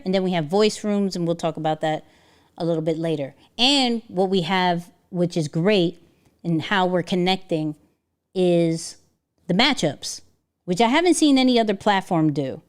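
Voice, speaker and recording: A woman with a medium-pitched, slightly mellow, clean-toned voice hosts a livestream. Her talk is casual, chatty and slangy, full of fillers and restarts.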